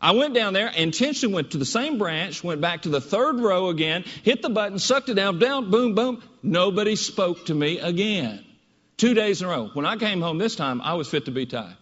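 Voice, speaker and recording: A man giving a presentation, telling a story in an animated, emphatic way, in a dull echoey hall recording. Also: sits high, normal speed. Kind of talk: storytelling speech.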